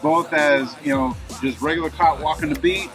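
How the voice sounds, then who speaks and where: A man telling a personal story in casual conversation, acting out the voices and shouts of the people involved. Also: on the high side, normal speed, music in the background. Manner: animated retelling, acting out shouted dialogue. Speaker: guest telling his story.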